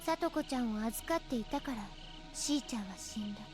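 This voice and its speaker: An eerily calm teenage girl from a story game, her voice high and light, her words quick and soft. She sometimes sinks into a whisper. Faint game music plays beneath her. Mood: eerie calm. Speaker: voice actress. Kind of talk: Japanese game voice acting.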